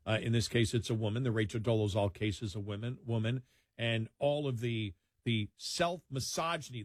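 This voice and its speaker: An older man from New York, talking on a late-night radio show. He is animated and jumps up in pitch when he acts out the voices of other people. His studio mic sounds dry and close. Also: dry recording. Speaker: radio talk show host. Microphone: studio microphone.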